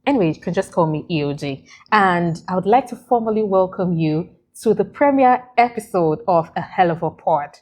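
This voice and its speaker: A Nigerian woman opens her podcast with a lively, playful build-up, leaning on repeated words for emphasis. Her voice sits a little low for a woman. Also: moderate pace, few pauses. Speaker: podcast host. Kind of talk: hyped podcast introduction.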